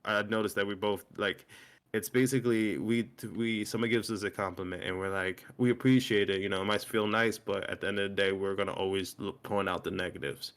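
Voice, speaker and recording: A man's voice: fairly low pitch, fairly even intonation, fairly quick. A young man in casual podcast chat, rambling and swearing, with many restarts. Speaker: co-host.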